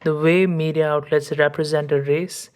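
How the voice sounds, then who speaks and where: Low, even-voiced woman reading an essay. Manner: measured, academic reading. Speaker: podcast host.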